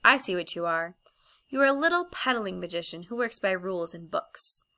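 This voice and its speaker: A woman's voice: lowish voice, expressive, normal speed, bright, forceful tone. A woman doing a commanding, scornful witch queen. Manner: commanding, contemptuous.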